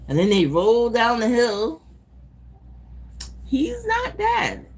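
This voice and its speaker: A woman live-streaming casually, retelling a movie in an animated, profane, rambling way. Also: fairly high pitch, takes it slowly, slightly rough. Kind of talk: casual chat recapping a movie.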